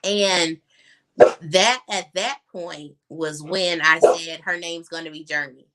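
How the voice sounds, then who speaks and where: A young adult woman, appearing as a guest on a video call, shares her personal story candidly, using lots of fillers and choking up now and then. Her voice sits on the low side, fairly bright, and she speaks slowly.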